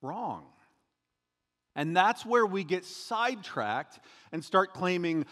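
A man preaching a sermon as pastor, conversational and joking, with animated emphasis. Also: on the high side, unhurried. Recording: long hall reverb.

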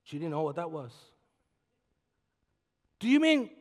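A man from preaching a sermon in a church, telling a story that swings from soft asides to shouted climaxes. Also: fairly high pitch, big pitch swings, unhurried, long pauses. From Puerto Rico. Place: church sanctuary. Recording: long hall reverb.

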